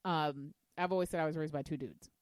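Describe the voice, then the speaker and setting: A woman co-hosting a podcast in casual chat, telling stories in an animated, chatty way. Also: low-pitched, fairly quick, no room sound, clean studio sound. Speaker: podcast co-host.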